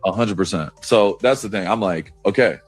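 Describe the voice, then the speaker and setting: A man's voice: fairly low pitch, moderate pace, slightly rough, dry recording, faint music behind. A man, a football player on a podcast, telling a story loosely with plenty of "like" fillers and swearing. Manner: loose, profane, lots of "like" fillers. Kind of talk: casual storytelling.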